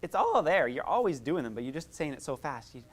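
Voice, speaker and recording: A woman's voice: sits low, sing-song, fairly quick. A woman music therapist teaching a group, chatty and encouraging, demonstrating vocal sounds and laughing often. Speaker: music therapist leading a workshop.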